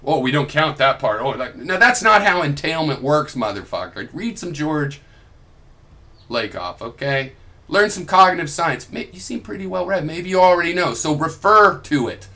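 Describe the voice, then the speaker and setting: A young man with a slightly high, bright, forward voice delivers a combative vlog rant. He swears freely and drips sarcasm, arguing fast and hard into a desk mic. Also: animated. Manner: combative, profane, sarcastic ranting. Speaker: video blogger. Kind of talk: heated reply vlog.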